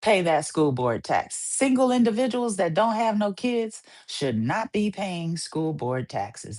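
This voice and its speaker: Female podcast host, solo casual rant; lower pitch, very lively delivery, playful and repetitive. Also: a little slow, few pauses. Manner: animated, playful ranting with repeated phrases.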